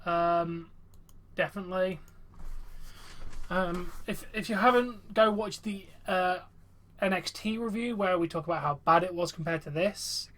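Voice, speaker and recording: A man's voice: sits high, measured pace, a bit bright. A young man hosting a casual wrestling review chat, rambling and chatty with many fillers. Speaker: host.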